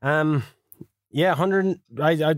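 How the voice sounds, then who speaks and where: A man co-hosting a podcast in casual chat, animated and laughing, swearing freely. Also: fairly high pitch, slow, dry recording, studio quality. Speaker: podcast co-host.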